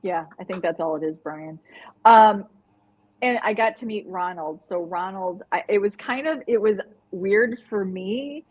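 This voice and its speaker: A woman co-hosts a casual live-stream chat, her voice soft and breathy. She talks in a lively, rambling way and breaks into laughter often. Her pitch sits in an ordinary middle range. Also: measured pace, rough recording. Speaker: co-host.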